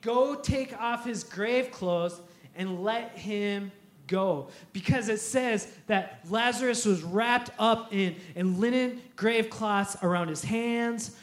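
A male pastor preaching a sermon, telling a story in an animated way and acting out quotes with laughter. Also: sits high, slow pace, reverberant.

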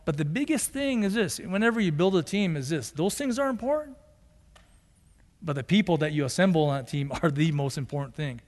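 A male pastor delivers a sermon in a high, bright-edged voice, mixing casual asides and rhetorical questions with emphatic declarations. His voice rings out with a long reverb, as in a big church sanctuary. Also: big pitch swings, brisk. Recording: long reverb of a large hall.

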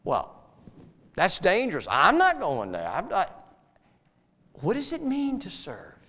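A male pastor preaching a sermon, swinging from emphatic lines to soft, near-whispered ones. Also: high-pitched, wildly swooping pitch, takes it slowly, big-room sound.

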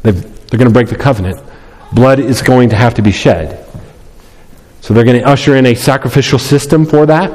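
Emphatic preacher in a reverberant hall. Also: male voice, medium pitch, fairly quick, darkish tone. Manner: emphatic, repeats key phrases, acts out quoted voices. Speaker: pastor. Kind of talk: sermon. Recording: long reverb of a large hall.

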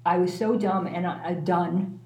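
Candid, animated woman telling a story. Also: fairly low pitch, unhurried, reverberant. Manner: candid, self-mocking, animated, swears freely. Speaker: guest. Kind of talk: casual personal storytelling.

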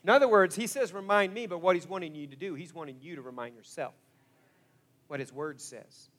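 A man preaching a sermon as pastor, telling stories in an animated way that swings from hushed asides to loud exclamations. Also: high voice, a little fast.

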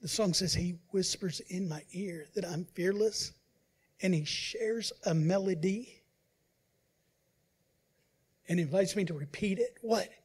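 Preaching a sermon, a male pastor speaks in a high, husky voice at a measured pace with frequent pauses. He shifts from forceful, loud points to hushed remarks and dramatizes the voices of those he cites.

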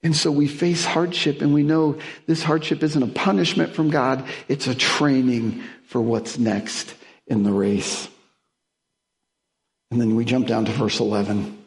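A man's voice: mid-range voice, steady tone, measured pace. A man preaching a sermon as guest speaker, mixing family stories and humor with Bible verses, building to emphatic peaks. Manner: storytelling with humor, chuckling, rising emphatic peaks.

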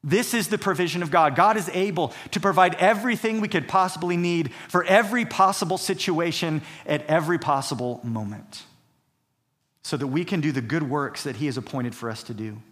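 A man's voice: on the high side, fairly quick, a bit bright. A male pastor preaching a sermon, emphatic and repetitive, reading scripture aloud between points. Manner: emphatic preaching, repeats key phrases, reads scripture aloud.

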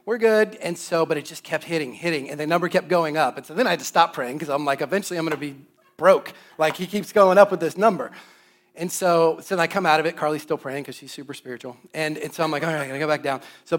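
A man preaching in an easygoing, storytelling way, his voice sitting a little high. He talks to the congregation like friends and turns loud and animated when he plays out his own reactions. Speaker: pastor. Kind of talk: sermon.

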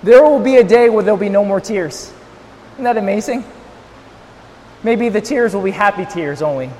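A man preaches with a high voice, swinging from near-shouted emphasis to gentle, hushed moments as he strains to carry without a monitor. His voice rings in a reverberant hall. Faint background noise sits underneath. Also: normal speed. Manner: swings between loud, near-shouted emphasis and softer, tender passages. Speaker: pastor. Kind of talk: sermon.

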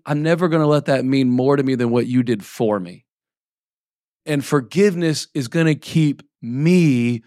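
A pastor in his forties delivers a sermon in a relaxed, chatty way, reading scripture and then breaking off to check in with the listeners. His voice sits at an ordinary middle pitch for a man. It is recorded close and dry, with no room sound. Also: dry recording. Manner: conversational preaching with frequent checks like "right?" and "okay?"; reads scripture aloud between plain-spoken asides.

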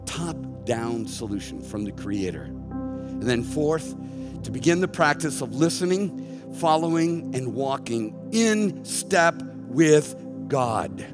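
A man's voice: mid-range voice, animated, takes it slowly. A middle-aged man preaching a sermon as pastor, emphatic and conversational, with wry self-deprecating asides. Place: church sanctuary. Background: soft music underneath.

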